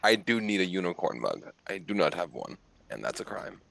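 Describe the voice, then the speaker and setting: A man's voice: low voice, big pitch swings, brisk, creaky, a bit bright, slight background noise. A man leading a casual chat before a tabletop game session, playful and upbeat.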